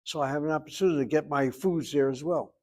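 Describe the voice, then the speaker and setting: A man's voice: a little high, quick pace, darkish tone. Man teaching a Hebrew grammar class. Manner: explanatory, wry asides, addresses students by name. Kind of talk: online class lecture.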